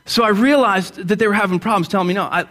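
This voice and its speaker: A man's voice: high-pitched, quick pace, fairly bright tone. A man pastor preaching a sermon in a church, talking bluntly and conversationally, joking with the congregation and getting them to answer aloud. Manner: asks the congregation to respond aloud.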